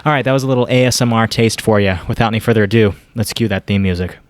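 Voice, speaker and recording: A man's voice: on the low side, racing. A man hosting a casual podcast, upbeat and joking, with an announcer-like flair when he opens the show. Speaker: podcast host. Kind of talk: casual chat and show intro. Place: warm apartment with a fan running.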